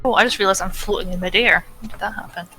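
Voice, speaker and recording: A woman's voice: mid-range voice, fairly even intonation, quick pace, pushed and bright, soft background music. A woman playing in a tabletop game, stammering and flustered as she jokes about her own character. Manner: stammering, flustered, self-deprecating. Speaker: player. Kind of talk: casual tabletop game banter.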